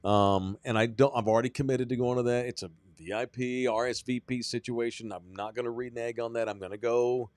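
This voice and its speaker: A man's voice: medium pitch, steady tone, fairly quick, hardly any pauses, a little mellow, no echo. A man hosting a sports podcast, chatting casually and rambling in a self-deprecating way. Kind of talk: casual chat.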